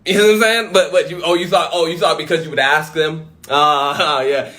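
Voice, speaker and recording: A livestream host with a slightly high voice talks briskly, with few pauses, into a phone during a casual stream from home, with slight background noise. He's animated and emphatic, and he swears freely.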